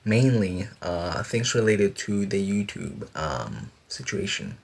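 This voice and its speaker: Young man, streamer, casual chat, low voice, slow, rambling with fillers. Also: very animated, creaky. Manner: rambling, many fillers, laughs at himself. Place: sitting on a bed indoors.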